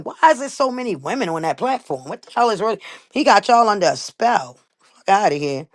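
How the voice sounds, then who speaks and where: A woman's voice: medium pitch, big pitch swings, brisk. A woman hosting a livestream, talking bluntly and emphatically in a heated, profane rant. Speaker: livestream host.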